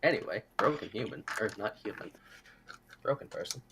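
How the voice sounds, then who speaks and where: A man's voice: on the low side, animated, a little fast, noisy background. A man casually playing a tabletop role-playing game, wry and self-deprecating. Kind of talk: casual tabletop play over voice chat.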